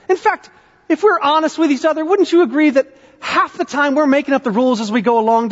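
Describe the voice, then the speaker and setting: Animated male pastor preaching in a reverberant hall. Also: very high voice. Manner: animated, conversational preaching with rhetorical questions. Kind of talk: sermon. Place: church sanctuary. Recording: dull, lo-fi sound with long hall reverb.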